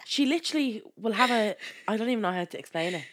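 A woman's voice: a little high, expressive, quick pace. A young woman co-hosting a podcast, chatting casually in a dry, teasing and sweary way. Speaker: podcast co-host. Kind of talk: casual chat.

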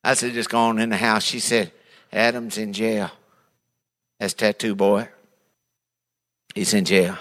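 A male pastor tells a sermon story in a folksy, joking way. His voice is bright and forceful, and he jumps into quick impressions of the people he describes. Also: lowish voice, flat delivery. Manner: folksy and humorous, acts out voices in his stories.

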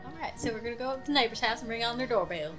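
A woman's voice: a little high, very fast, over music. A woman playing a tabletop game, making dry, quippy remarks.

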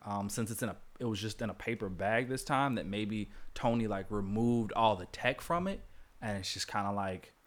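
At normal speed, a man with a fairly low voice hosts a podcast where he goes through a movie scene by scene. His casual, rambling account is heavy on fillers and full of quoted lines he acts out.

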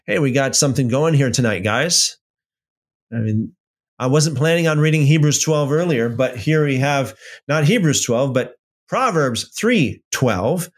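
A man leading an evening Bible study, reading scripture aloud and adding conversational comments with frequent restarts. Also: medium pitch. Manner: slow, deliberate reading with conversational asides and restarts.

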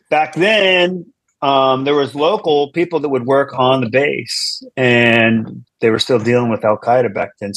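A man's voice: mid-range voice, no echo. A man, a comedian guest, telling a long story in casual chat, rambling with restarts and asides.

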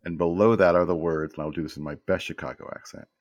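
A man in his fifties, appearing as a podcast guest, tells stories in a rambling, casual chat and often repeats words when starting sentences. He talks fast in a low, steady voice with no room sound.

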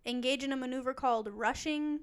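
A woman's voice: sits high, a little fast, clear, resonant tone. A woman co-hosting a casual chat, reading out bird facts and joking about them. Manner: playful, giggly, reads facts then jokes. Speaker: podcast co-host.

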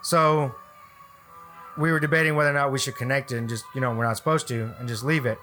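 A man's voice: medium pitch, fairly even intonation, fast talker, pushed and bright, soft background music. A man casually telling a rambling work story on a podcast, swearing freely and restarting his sentences.

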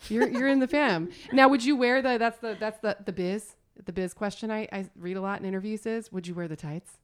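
A woman's voice: medium pitch, fairly quick, clean tone. A woman hosting a casual interview, chatty and gushing, laughing often as she asks questions. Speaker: host.

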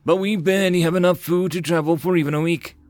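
A man voicing a big, weary male orc chieftain who speaks slowly and earnestly in an audiobook. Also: on the high side, steady tone, a little mellow, dry recording, voice pushed up, natural voice.

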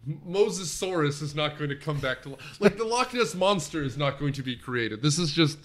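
A man co-hosting a casual movie-review chat, rambling with lots of fillers and quick laughs. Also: on the high side, lively intonation, a bit bright. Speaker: podcast co-host.

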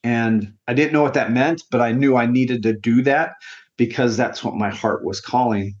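A man's voice: medium pitch, moderate pace, darkish tone, muffled recording. A man in his forties, a grief counselor as an interview guest, telling his personal story in an earnest, heartfelt way. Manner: earnest and heartfelt, sometimes emotional.

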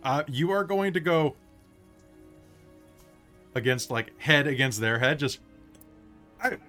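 A young man narrating as game master of a tabletop game, relaxed and rambling with self-mocking asides. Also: mid-range voice, measured pace, soft background music.

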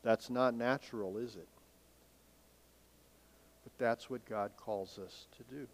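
A man's voice: mid-range voice, slow pace. Man preaching in a reverberant hall. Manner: animated preaching with rhetorical questions, swinging between emphatic and hushed. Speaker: pastor. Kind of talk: sermon. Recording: long reverb of a large hall.

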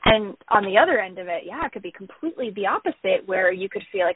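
A woman therapist calmly explaining her work in a podcast interview, often saying "you know". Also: a little high, a little fast, hardly any pauses, slightly rough, no echo. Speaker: therapist guest. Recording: tinny phone-line audio.

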